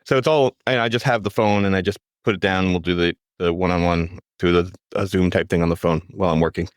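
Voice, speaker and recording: A man telling a self-deprecating story in casual podcast chat, halting over his words. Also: low-pitched, steady tone, dry recording, studio quality. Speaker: podcast guest.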